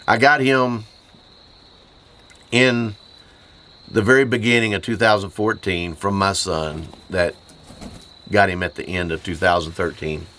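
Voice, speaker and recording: A grieving man hosting his homestead channel, choked up, with a hoarse voice and halting speech full of pauses and repeats. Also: steady tone, pushed and bright. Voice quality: hoarse, voice lower than usual. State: choked up from grief. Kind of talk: grieving personal vlog. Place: farm in the Appalachian mountains, outdoors.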